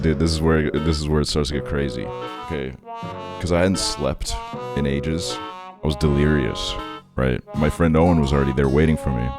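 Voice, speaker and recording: A young man casually telling a long travel story, rambling and swearing with lots of filler words. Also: rumbling low. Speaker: streamer. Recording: music bed behind the voice. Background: guitar music.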